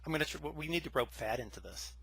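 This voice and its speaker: A young man from the United States hosting a casual podcast chat over a video call, relaxed and chatty, often restarting his sentences. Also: mid-range voice, quick pace, creaky, breathy edge. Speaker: podcast host.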